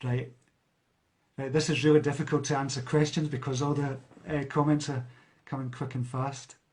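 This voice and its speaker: A man's voice: medium pitch, little pitch movement, moderate pace, darkish tone. A Scottish man from near a large city, a self-help speaker chatting on a live stream, reading out viewer comments and answering them. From Scotland. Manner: chatty, with fillers and restarts.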